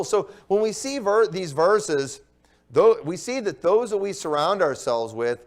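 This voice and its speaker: A young adult man, a pastor, preaching a sermon that swings from loud emphasis to low, muttered asides.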